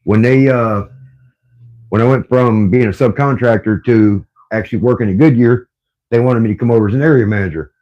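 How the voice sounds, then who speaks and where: A man's voice: medium pitch, a little fast, darkish tone, highs cut off. An older man, a grandfather, chatting casually on a livestream and telling rambling stories. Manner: laid-back, rambling storytelling. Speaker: livestream co-host.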